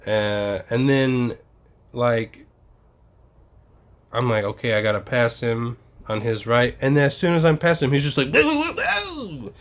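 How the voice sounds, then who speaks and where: A man's voice: medium pitch, unhurried, pauses often. A young man telling stories in a casual vlog, ranting and swearing freely as he gets exasperated. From United States. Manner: profane, exasperated storytelling. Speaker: vlogger.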